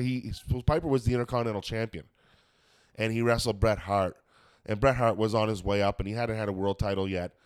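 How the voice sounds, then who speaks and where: Man with a smooth, dry voice and a cold. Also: on the low side, no echo. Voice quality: smoker's cough. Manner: rambling, swears freely, many fillers. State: has a cold. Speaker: podcast host and stand-up comedian. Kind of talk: casual chat.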